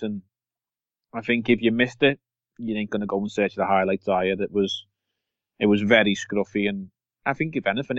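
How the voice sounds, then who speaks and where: Low-voiced man chatting football. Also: no echo. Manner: relaxed, rambling, many fillers and restarts. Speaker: podcast co-host. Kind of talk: casual football chat. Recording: dull lo-fi sound.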